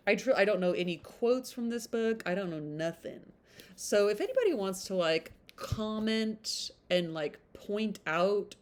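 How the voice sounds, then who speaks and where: A woman's voice: medium pitch, animated, normal speed. A woman chatting casually as a book vlogger, rambling with lots of filler words and restarts. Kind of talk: casual chat about a novel.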